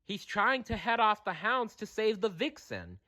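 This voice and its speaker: A man voicing a sharp-eyed female kestrel who calls with shrill bird cries. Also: huge pitch swings, measured pace, heavily acted. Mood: alarmed. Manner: shrill bird cries, then a low quiet report.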